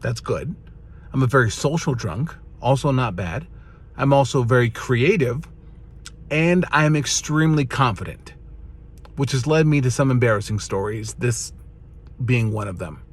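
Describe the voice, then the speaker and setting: A man in his thirties telling a funny personal story, animated and building up to excited punchlines. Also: mid-range voice, unhurried, breathy edge. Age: 30s.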